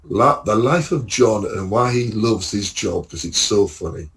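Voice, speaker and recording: A middle-aged man from England, a podcast co-host and lorry driver, telling an animated casual anecdote full of swearing and acted-out quotes. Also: on the low side, measured pace, heavy background noise. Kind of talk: casual anecdote among friends.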